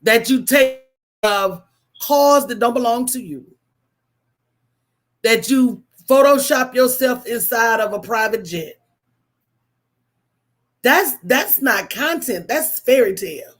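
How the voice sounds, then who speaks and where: A woman hosting a casual livestream, telling stories in an animated, preachy way with call-and-response asides to her viewers. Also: fairly high pitch, takes it slowly, long pauses. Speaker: host.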